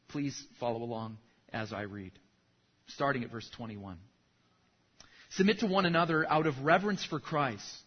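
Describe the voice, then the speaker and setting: A man's voice: on the high side, breathy edge, muffled recording. A man who is a pastor, preaching a sermon and telling a story with acted punchlines.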